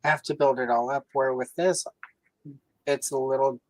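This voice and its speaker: A woman hosting a coloring livestream in casual chat, talking with many fillers and lively swings in pitch. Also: normal speed, no echo, rough recording. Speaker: livestream host.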